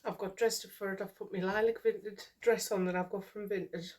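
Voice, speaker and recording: Her voice is mid-range and a little mellow, with fairly even intonation at a normal speed. She's a middle-aged British woman chatting casually to camera in a vlog, emotional and overwhelmed from a morning of crying, sighing and repeating things.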